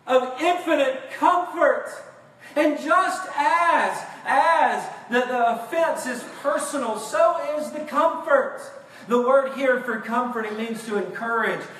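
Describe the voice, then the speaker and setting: Male preacher, high voice, hushed to shouting, distant mic in a reverberant church. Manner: impassioned, swings from hushed to shouting; acts out mock voices of listeners. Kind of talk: sermon. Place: church sanctuary. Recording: very echoey room, far from mic, faint noise.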